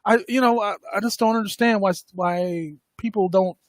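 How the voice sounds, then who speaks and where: A man's voice: sits high, moderate pace, no room sound. A man hosting a podcast, talking casually and rambling, with lots of fillers and frequent laughs. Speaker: podcast host. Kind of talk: casual livestream commentary.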